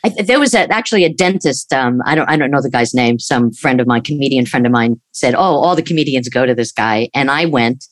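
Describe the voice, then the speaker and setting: A woman telling a casual anecdote, animated when she quotes others. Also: extremely low pitch, fairly quick, few pauses, no echo.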